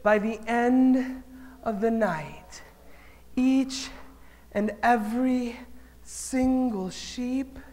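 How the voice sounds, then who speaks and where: Guy telling kids a story, lots of questions to the crowd, goes loud then quiet, kinda high voice. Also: a little hiss or hum. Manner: animated, swings between loud and hushed; engages the audience with questions. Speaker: speaker at a children's event. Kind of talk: storytelling talk to children.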